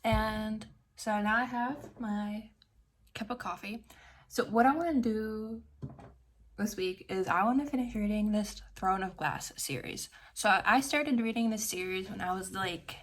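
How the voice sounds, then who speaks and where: A young woman in her twenties chats to her camera in a relaxed vlog. She rambles from one thing to the next. She fills her sentences with "like" as she goes. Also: mid-range voice, unhurried, a little hiss or hum. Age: 20s. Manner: chatty, rambling, lots of "like". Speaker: vlogger. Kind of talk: casual vlog chat.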